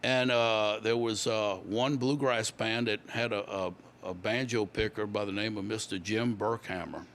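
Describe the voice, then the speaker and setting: A man's voice: on the low side, fairly even intonation, a bit bright, slight background noise. Rambling older man from Louisiana. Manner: rambling, unhurried, many fillers. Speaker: guest musician. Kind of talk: relaxed interview storytelling.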